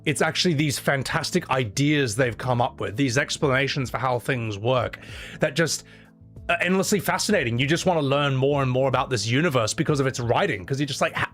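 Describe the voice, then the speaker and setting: A young man casually chatting to his live-stream audience, animated, often laughing and swearing. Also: medium pitch, brisk, faint music behind. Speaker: streamer and host.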